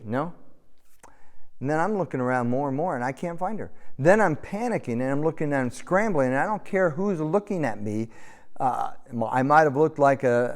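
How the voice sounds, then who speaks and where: A man's voice: on the high side, moderate pace. A middle-aged American man preaching a sermon and telling a story, in a conversational style. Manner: conversational storytelling, animated when shouting. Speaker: pastor. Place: church sanctuary. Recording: long hall reverb.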